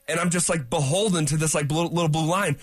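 Husky-voiced man telling a rambling story. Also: on the high side, fast talker. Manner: rambling storyteller, acts out his own thoughts. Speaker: radio show co-host. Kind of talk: casual morning radio banter.

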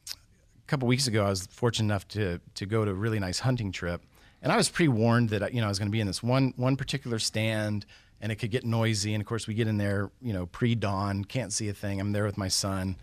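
A middle-aged man, a guest speaker, telling a motivational story in an animated way, building suspense with questions to his listeners. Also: fairly low pitch, fast talker, no room sound.

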